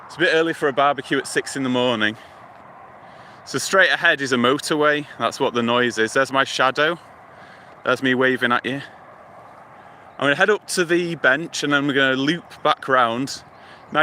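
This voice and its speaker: With his phone in hand, a British man walks along a lake and river near a motorway, livestreaming and chatting to viewers about whatever catches his eye in an easy, wandering manner. He speaks at medium pitch and a moderate pace in a bright, forward voice, over faint traffic hum.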